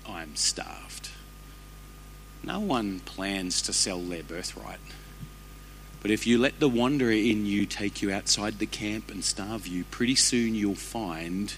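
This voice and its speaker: Bright-voiced pastor preaching. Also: male voice, on the low side, measured pace, creaky, a little hiss or hum. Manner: animated, humorous storytelling. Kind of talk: sermon.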